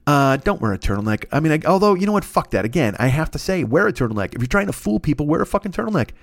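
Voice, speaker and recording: A male podcast host rants solo in a lively, swooping voice that sits a little high for a man. He swears constantly, rambles, and laughs at his own jokes. The sound is dry and close, with no room echo. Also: racing, vocal fry. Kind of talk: solo comedic rant.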